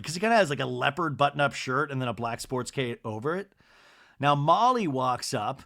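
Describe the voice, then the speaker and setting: Animated, chatty man recapping TV. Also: mid-range voice, normal speed, gravelly. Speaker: podcast host. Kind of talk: casual TV recap monologue.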